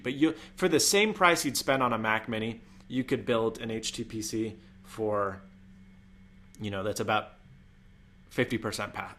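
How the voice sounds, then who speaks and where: A man's voice: on the low side, pushed and bright. A young man hosting a casual tech live stream, chatty and rambling, with jokey asides. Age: young adult. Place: home room.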